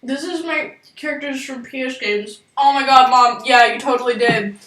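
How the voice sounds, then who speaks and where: A woman's voice: sits high, moderate pace, a bit bright, slight background noise. A young woman chatting playfully while playing a game on stream. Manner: playful, jokey. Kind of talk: casual gameplay chat. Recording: echoey room, mic far off, music behind.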